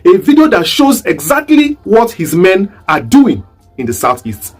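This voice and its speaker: A Nigerian-accented man delivers pointed commentary in a high, swooping voice. His tone is a little husky, and he presses his points with question after question. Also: huge pitch swings, measured pace, faint music behind. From southeast Nigeria. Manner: rhetorical, emphatic, asks repeated questions. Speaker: online commentator. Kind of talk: commentary video.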